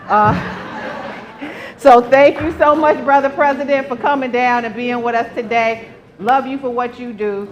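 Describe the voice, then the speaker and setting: A woman with a somewhat high voice speaks at a council meeting, honoring guests one by one. She sounds heartfelt and emotional. A faint crowd murmurs in the large chamber behind her. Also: fairly even intonation, measured pace, a little hiss or hum, low-quality recording. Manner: warm, emotional, calls out names. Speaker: alderwoman.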